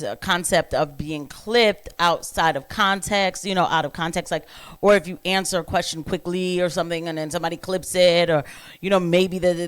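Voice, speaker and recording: A woman's voice: on the low side, clear, resonant tone. Chatty woman reacting to a clip. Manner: chatty, sarcastic asides, many fillers. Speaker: reaction commentator. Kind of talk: casual reaction commentary.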